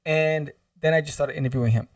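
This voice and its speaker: A man guesting on a podcast, telling a story in a lively, humorous way and acting out what people said. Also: on the high side, quick pace, dry recording, clean studio sound, distant mic. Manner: animated, humorous, acts out quotes. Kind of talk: casual storytelling.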